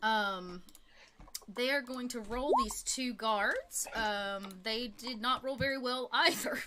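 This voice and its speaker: A woman's voice: fairly high pitch, slow, background noise. A woman running a tabletop game as game master, narrating with giggles and lots of fillers.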